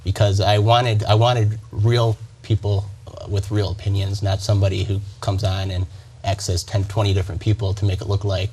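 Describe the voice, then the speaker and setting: A man's voice: on the low side, flat delivery, moderate pace, darkish tone, a little hiss or hum. A man being interviewed as a guest about his website, hesitant with frequent fillers. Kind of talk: talk show interview.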